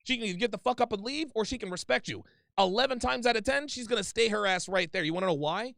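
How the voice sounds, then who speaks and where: Blunt, profane host with a high gravelly voice. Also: male voice, quick pace, fairly bright tone, no room sound, clean studio sound. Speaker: host taking calls. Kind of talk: call-in advice show.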